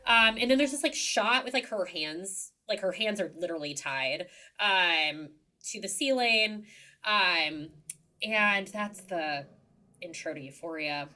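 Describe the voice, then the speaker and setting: A young woman co-hosting a podcast, recapping a TV episode in casual, animated chat full of likes and ums. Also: medium pitch, unhurried. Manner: chatty, animated storytelling with many likes and ums. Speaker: podcast co-host.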